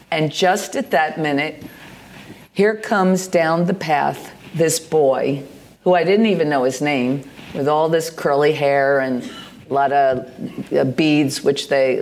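A woman's voice: deep voice, darkish tone. Woman in her sixties, stage interview guest, rambling hesitant storyteller at a venue microphone. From United States. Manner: meandering storyteller, hesitant with many fillers and restarts. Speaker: interview guest, poet and artist. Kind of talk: live on-stage conversation, storytelling. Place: live venue stage with an audience.

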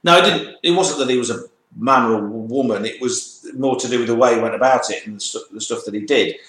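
A man co-hosting a motorsport show, talking in animated, opinionated banter. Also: mid-range voice, quick pace, echoey room, poor audio. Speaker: co-host. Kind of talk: casual banter.

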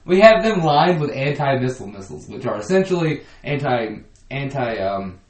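A man's voice: mid-range voice, big pitch swings, moderate pace. Chatty man in an echoey room. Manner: rambling, laughs often, restarts mid-sentence. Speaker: podcast co-host. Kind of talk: casual comedic chat. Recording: roomy echo.

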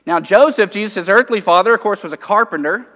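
A man preaching a sermon, teaching conversationally from Scripture and alternating rising emphasis with quiet asides. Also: high-pitched, a little fast, long reverb tail.

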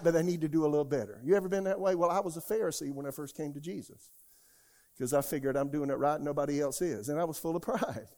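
A man preaches a sermon as a pastor. His voice sits a little high for a man. He tells stories from his own life and rises to loud, shouted quotes. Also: fast talker. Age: 60s. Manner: storytelling, rising to shouts when quoting God.

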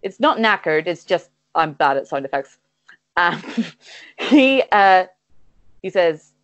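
A woman narrating an improvised comic adventure with playful deadpan timing. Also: fairly low pitch, slow, pauses often, no room sound, dull audio. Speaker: comedy guest and game narrator.

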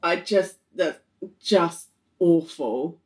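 A woman in casual chat, blunt and swearing, halting as she searches for words. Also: on the low side, a crowd in the background.

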